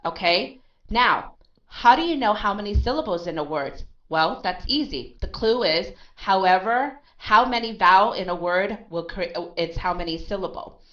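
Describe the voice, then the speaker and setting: A woman's voice: mid-range voice, lively intonation, normal speed, fairly bright tone. Woman teaching pronunciation, lo-fi recording. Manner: explains step by step, ends phrases with okay; asks and answers her own questions. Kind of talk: recorded online lesson. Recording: dull lo-fi sound.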